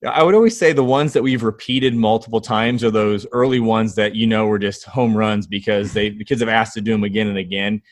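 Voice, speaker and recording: A man in his thirties, a guest in an interview, telling lively stories about his kids and acting out their quotes. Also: lowish voice, brisk, hardly any pauses, dry recording. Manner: enthusiastic storyteller, acts out quotes. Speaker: guest, fatherhood author and founder. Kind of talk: conversational interview storytelling.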